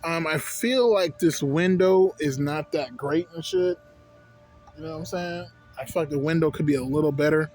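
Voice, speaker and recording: A young man with a higher, slightly mellow voice talks at a moderate pace while faint music plays, casually reviewing a vape for his vlog. He rambles profanely and keeps drifting into side stories.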